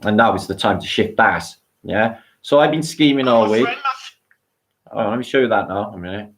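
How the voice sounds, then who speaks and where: A middle-aged man, rambling excitably on a live stream, swearing often and laughing between thoughts, worn out from a long walk. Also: lowish voice, moderate pace, a little hiss or hum. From Wales. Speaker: livestream host.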